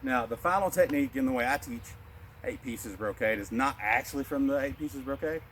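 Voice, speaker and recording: Calm man cueing breaths in a qigong lesson. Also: mid-range voice, fairly quick, slight background noise. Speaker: martial arts instructor.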